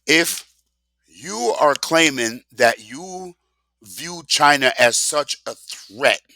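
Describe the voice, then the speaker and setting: A man's voice: a little high, expressive, slow pace, gravelly, sharp tone, no room sound. An older man ranting sarcastically in a casual monologue, emphatic and rambling, full of rhetorical questions. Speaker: vlogger.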